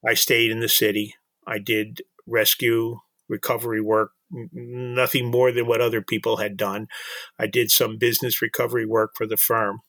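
A man's voice: on the low side, flat delivery, moderate pace, a bit bright, no echo. An older man, telling a personal story earnestly as an interview guest, often repeating words as he goes. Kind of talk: storytelling in conversation.

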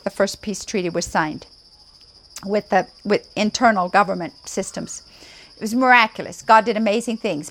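A woman giving a missionary testimony, telling her story in a fervent, emphatic way, her voice swelling at key moments. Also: mid-range voice. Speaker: missionary speaker.

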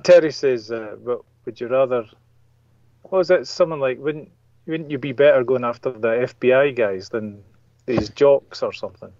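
A man's voice: mid-range voice, normal speed, a little mellow, no echo. An enthusiastic man swears freely as he acts out favourite lines from a comic. His voice sits in a middle range, and the recording is dull, dry and close, with no room sound. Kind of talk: casual podcast chat.

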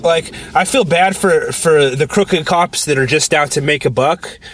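A man's voice: fairly high pitch, unhurried, a bit bright, a little hiss or hum. A man co-hosting a casual podcast from inside a car, talking in a rambling, sardonic way with lots of fillers. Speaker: podcast co-host. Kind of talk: casual chat.

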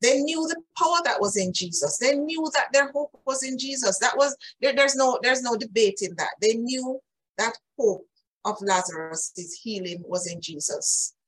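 Emphatic woman preacher, husky voice. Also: on the high side, expressive, moderate pace, poor audio. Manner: earnest, emphatic, addresses listeners directly. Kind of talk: sermon.

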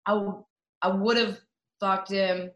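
A woman's voice: medium pitch, fairly even intonation, slow, a bit bright, lo-fi sound. Blunt woman comedian in a roomy echo. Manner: candid, blunt, profane. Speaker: comedian guest. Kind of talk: casual storytelling.

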